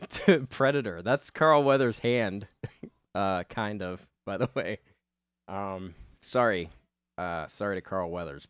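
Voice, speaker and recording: Rambling artist guy, low-pitched, dry close voice-over, self-mocking and loose. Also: clean tone, no room sound. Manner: meandering, self-deprecating, swears casually. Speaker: artist, channel host. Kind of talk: rambling commentary over a drawing video.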